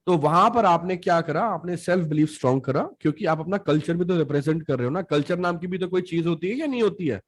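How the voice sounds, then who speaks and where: A man from Punjab with a Punjabi accent, mentoring students on public speaking in an emphatic, rapid-fire way with rhetorical questions. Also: on the high side. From Punjab, India. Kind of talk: mentoring session.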